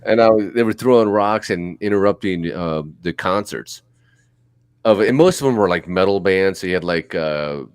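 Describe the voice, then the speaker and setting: A man's voice: low-pitched, normal speed, clean tone, dry recording, studio quality. A middle-aged man co-hosting a podcast, telling loose, profane, rambling stories in casual chat. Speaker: podcast co-host.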